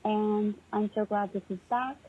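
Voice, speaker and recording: Excited chatty woman on a phone line. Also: mid-range voice, measured pace, slightly rough. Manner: excited, chatty, laughs often. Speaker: podcast caller. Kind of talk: casual voicemail chat.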